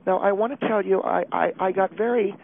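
A man's voice: high-pitched, gravelly, slight background noise, pitched above the performer's own voice. A man playing a distraught, prim housewife on a tinny phone line. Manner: halting, breathless, self-pitying confession. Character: distraught, prim middle-aged wife calling in. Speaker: caller.

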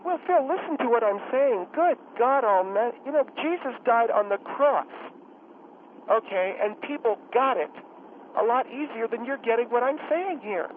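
Brief: man putting on a catty, rambling middle-aged woman caller, high voice, phone-line sound. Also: expressive, normal speed, a little hiss or hum. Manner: rambling, indignant, mocking.

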